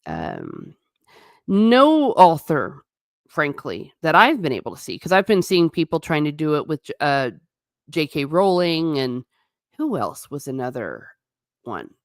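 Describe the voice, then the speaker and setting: A woman hosting a casual livestream, rambling in an animated way and talking straight to her viewers in chat. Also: low voice, measured pace, dry recording, clean studio sound. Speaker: livestream host.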